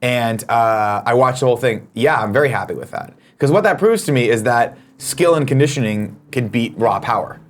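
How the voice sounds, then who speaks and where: A man's voice: mid-range voice, animated, normal speed, hardly any pauses. A man hosting a casual talk show, reading viewer comments aloud and bantering with cheerful profanity.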